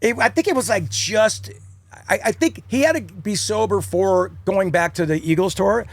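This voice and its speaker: A man in his fifties, a podcast guest, telling casual stories in an animated way and acting out quotes. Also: sits high, normal speed. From United States. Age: 50s. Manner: animated, acts out quotes in funny voices. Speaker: podcast guest, rock singer. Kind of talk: casual storytelling.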